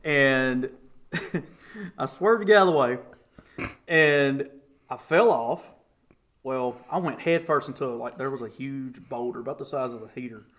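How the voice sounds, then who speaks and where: Guy on a podcast telling a wild story, bright tense voice, keeps laughing and doing voices. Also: medium pitch, a little slow, long pauses. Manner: animated, laughs often while telling stories; acts out voices of people in his stories. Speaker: podcast guest. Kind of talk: casual storytelling.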